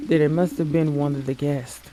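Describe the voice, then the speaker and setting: Man reading a calm, patient detective. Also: fairly high pitch, normal speed, background noise, close to an everyday voice. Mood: steady. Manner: even, patient questioning, reading aloud. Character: calm, steady male detective.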